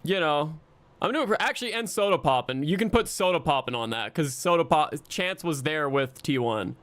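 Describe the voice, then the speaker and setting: A man's voice: fairly high pitch, animated, normal speed, a bit bright, no room sound. A man streaming and chatting casually with his viewers, rambling and self-mocking, swearing often.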